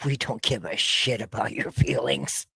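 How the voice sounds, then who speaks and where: A blunt, foul-mouthed middle-aged man hosts a loose reaction show, rambling and doubling back on his words. His voice sits at an ordinary middle pitch. The sound is dry and close, with no room behind it. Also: normal speed, creaky, pushed and bright, breathy edge, no room sound. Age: 40s to 50s. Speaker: podcast host. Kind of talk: casual reaction-show banter.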